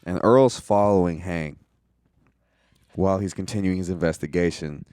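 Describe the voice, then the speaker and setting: Low-voiced young man, loose movie recap. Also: moderate pace, a little mellow, no room sound, clean studio sound. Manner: loose and profane, heavy use of "like"; laughs at his own jokes. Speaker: movie reviewer.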